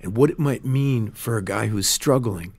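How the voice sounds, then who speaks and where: A man, a film director, telling stories in a casual studio interview, earnest and animated, often restarting his sentences. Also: lowish voice, normal speed, slightly rough. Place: radio studio.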